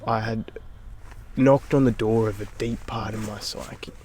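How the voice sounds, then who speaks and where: A man's voice: on the low side, fairly even intonation, unhurried, darkish tone, a little hiss or hum. A young adult man, a podcast guest, telling a personal story in casual chat, swearing freely and dropping into whispers for his inner thoughts.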